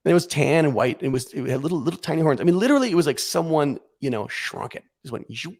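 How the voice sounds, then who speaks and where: A man as a podcast guest, telling a comic story in a casual, animated way, acting out what he and others said. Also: a little high, fast, creaky.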